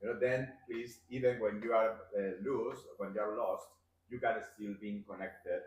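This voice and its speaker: Halting man. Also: on the low side, fairly even intonation, lo-fi sound. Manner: halting, searching for words. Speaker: workshop participant. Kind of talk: peer feedback. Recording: roomy, from a distance, faint ambience.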